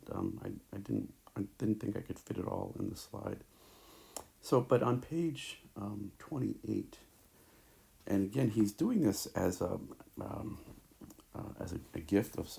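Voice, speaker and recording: A man teaching a recorded lecture over slides, talking haltingly with many fillers and restarts, into a tablet mic. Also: on the low side, creaky, mellow.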